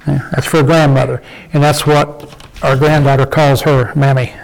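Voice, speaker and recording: A man's voice: mid-range voice, little pitch movement, moderate pace, gravelly, rough recording. An older man teaching an informal Bible study in a folksy way, often checking in with his listeners. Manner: folksy, asks the group "okay?" and "did we?".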